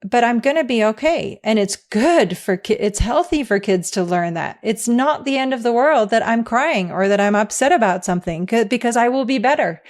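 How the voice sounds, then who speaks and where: A woman's voice: fairly high pitch, lively intonation, normal speed, hardly any pauses. A middle-aged woman, an interview guest, speaking candidly and reflectively, often breaking into laughter.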